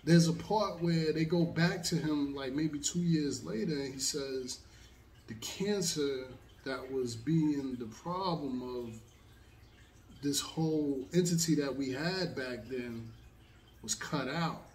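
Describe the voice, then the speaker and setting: Slow, laid-back man telling a story. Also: on the high side, a little mellow, reverberant, recorded from a distance, slight background noise. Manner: laid-back, rambling, with many fillers. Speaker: host. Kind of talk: casual storytelling monologue.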